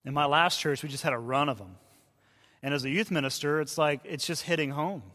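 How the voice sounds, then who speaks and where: Bright-voiced man preaching in a reverberant hall. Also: on the high side, fairly quick. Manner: conversational preaching, dropping to hushed tones for quoted voices. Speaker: pastor. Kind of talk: sermon.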